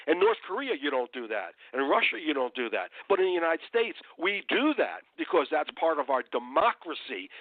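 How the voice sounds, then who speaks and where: Man, angry political rant, profane and emphatic, lively pitch swings, tinny phone line. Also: no echo. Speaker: legal analyst guest.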